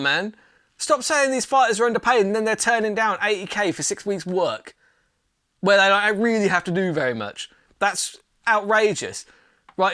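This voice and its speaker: A man's voice: high voice, a bit bright, dry recording, studio quality. A man hosting a solo commentary podcast, talking in a blunt, opinionated and exasperated way with casual swearing. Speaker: podcast host. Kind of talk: solo commentary on mixed martial arts.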